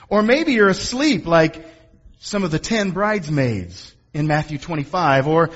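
A man preaching a sermon as pastor, animated and calling on the congregation to answer back. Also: mid-range voice, husky, highs cut off. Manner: animated preaching with call-and-response asks of the congregation.

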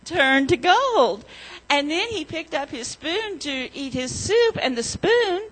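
A woman leading a children's sermon, telling a story gently and asking the children questions. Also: high-pitched, big pitch swings, slow pace, slight background noise, low-quality recording.

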